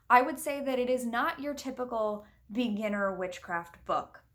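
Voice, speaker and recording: A woman's voice: mid-range voice, fairly bright tone. A woman reviewing a book in a casual vlog, chatty and earnest, explaining things at length with little asides.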